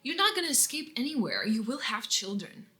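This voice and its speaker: A woman's voice: a little high, sing-song, a little fast, bright, forceful tone, soft background music, exaggerated voice. A woman mimicking her dismissive, gaslighting father in a scornful tone.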